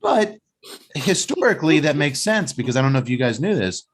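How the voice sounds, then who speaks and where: A man's voice: a little high, big pitch swings, a little fast. A man hosting a casual talk show, rambling and joking as he recaps a movie plot. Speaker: podcast host.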